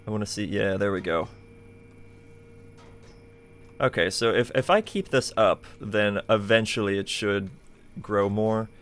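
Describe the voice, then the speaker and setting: A man's voice: on the low side, normal speed, a bit bright. A man streaming a game live, thinking aloud in a chatty way with plenty of fillers. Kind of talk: casual live gameplay commentary.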